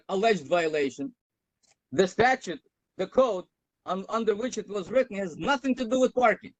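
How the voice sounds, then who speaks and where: A man's voice: sits high, no echo, rough recording. A man defending himself in a traffic case over a video call, combative, insistent and interrupting. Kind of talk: arguing his case.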